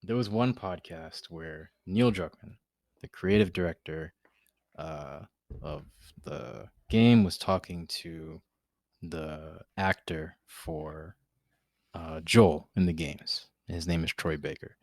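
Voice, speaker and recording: A man co-hosting a casual podcast chat, earnest and halting with many fillers. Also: low voice, a little mellow, no echo. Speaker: podcast co-host.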